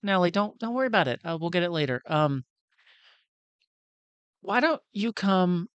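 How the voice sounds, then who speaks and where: A man voicing a grieving fourteen-year-old boy in a tabletop game, speaking softly with halting restarts. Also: sits high, animated, smooth, no echo, lo-fi sound, voice pushed up. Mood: flustered. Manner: soft, halting, embarrassed.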